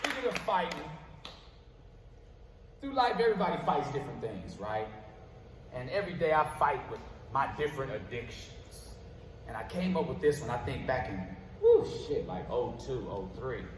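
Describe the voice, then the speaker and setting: A man's voice: medium pitch, sing-song, normal speed, slight background noise. A man performing spoken word poetry live on stage, with a rhythmic, rhyming delivery. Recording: roomy live venue with long reverb.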